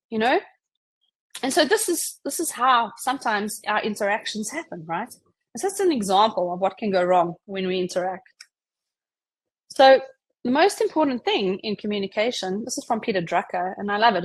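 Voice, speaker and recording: A woman giving a conversational webinar presentation, chatty and relaxed, who often says "you know" and acts out example dialogues. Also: a little high, slightly rough, rough recording.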